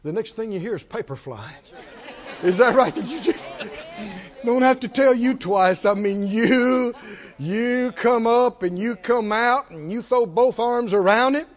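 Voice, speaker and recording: A man preaching a sermon as pastor, animated and repetitive, calling on the congregation to answer back. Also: very high voice, unhurried, a faint crowd. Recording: dull lo-fi recording.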